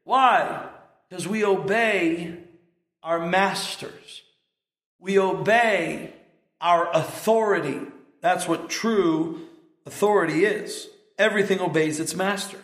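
High-voiced middle-aged preacher, echoey church. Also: male voice, a bit bright. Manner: emphatic preaching with rising stressed words and measured pauses. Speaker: pastor. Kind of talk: sermon.

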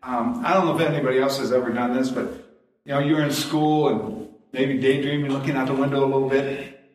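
A man's voice: mid-range voice, steady tone, fairly quick. A middle-aged male pastor preaching a sermon, telling folksy stories and chuckling at his own jokes. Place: church sanctuary. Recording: very echoey church from a distance. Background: congregation responses.

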